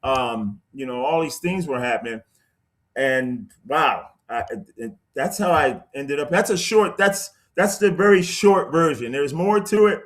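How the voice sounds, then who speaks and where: Man, guest, casual storytelling, animated, fairly high voice. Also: unhurried. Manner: animated, acts out quotes, many restarts.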